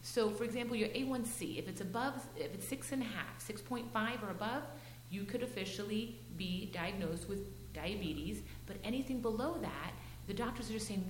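A woman's voice: medium pitch, moderate pace, reverberant, slight background noise, poor audio. A woman nutrition counselor in casual chat who explains things step by step and often checks back with "right?". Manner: explanatory, reassuring, asks checking questions.

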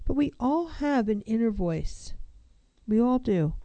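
Woman counselor, earnest and reflective, very mellow warm voice, pitched a bit high, dry close sound. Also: animated, a little slow, no room sound. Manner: earnest, poses rhetorical questions. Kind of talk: reflective self-help talk.

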